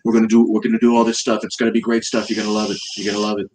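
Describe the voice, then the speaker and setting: A man's voice: lowish voice, level tone, very fast, a little mellow, a little hiss or hum, lightly acted, rough recording. A man doing a boastful politician impression. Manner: repeats phrases, sweeping boasts. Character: boastful older male politician, repetitive superlatives. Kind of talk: comedic impression.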